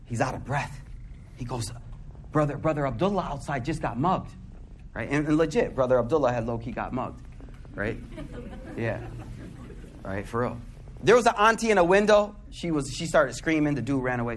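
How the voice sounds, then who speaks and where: A man's voice: medium pitch, lively intonation, moderate pace, long pauses, a little hiss or hum. A man giving a casual sermon. He tells stories in a slangy, conversational way and keeps asking the audience questions. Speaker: Muslim speaker giving a talk.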